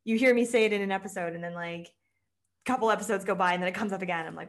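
Animated woman guest chatting casually. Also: mid-range voice, fast. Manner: animated, swings into playacted quotes. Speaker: podcast guest, mindset coach. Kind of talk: casual chat.

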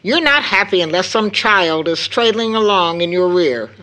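A woman's voice: lowish voice, animated, normal speed, bright, forceful tone, rough recording. A woman playing a prim, scolding mother. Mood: reproving. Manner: reproving, prim. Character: tired, proper middle-aged mother, gently scolding. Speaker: actor in a reading of a stage play. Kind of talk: stage play reading.

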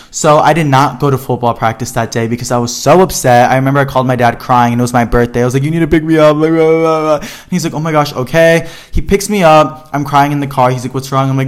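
A young man hosting his own podcast, telling a personal story in a casual, chatty way, full of fillers and dramatic retellings. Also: mid-range voice. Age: young adult. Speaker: podcast host.

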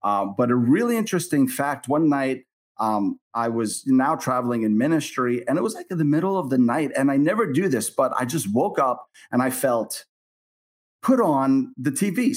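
A middle-aged man who is a minister appears as an interview guest, telling his story earnestly and in an animated way. Speaking in a mid-range voice at normal speed, he acts out the voices of the people in it.

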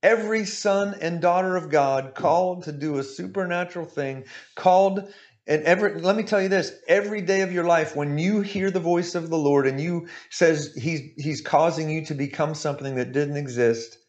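A man's voice: on the high side, normal speed. A male preacher giving an emphatic sermon, repeating his points and often asking "right?".

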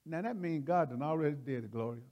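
A man preaching in a folksy, excitable way, often laughing and repeating phrases as he teaches. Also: a little high, fast talker, dull audio. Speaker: preacher leading a Bible study. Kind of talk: animated sermon teaching.

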